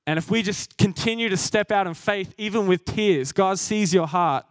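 A man's voice: sits high, normal speed, no echo, studio quality. A young man preaching a sermon, earnest and self-deprecating, laughing at himself as he goes.

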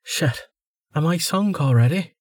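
A man's voice: on the high side, expressive, measured pace, a little mellow, no room sound, studio quality, voice pushed up. Man voicing a wry, restless young fighter. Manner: wry, muttering inner thoughts.

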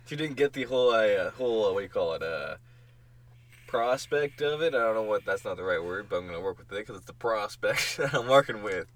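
Casting: male co-host, lively voice, giggly, rambling comic banter. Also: lowish voice, brisk. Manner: laughs a lot, rambling with fillers. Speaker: podcast co-host. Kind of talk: casual comedic banter.

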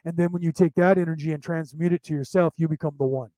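A man's voice: a little high, steady tone, fast talker, dark tone, dry recording, low-quality recording. A man from Ireland with an American accent, teaching a class in a rambling way, repeating himself and restarting as he explains step by step. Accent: American English. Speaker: spiritual teacher. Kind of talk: casual lecture.

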